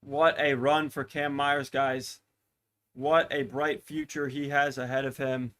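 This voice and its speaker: A young man commentating a track race live for a watch-party stream, getting excited as the race builds and chatting to viewers. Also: mid-range voice, a little slow. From United States. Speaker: podcast host commentating a race.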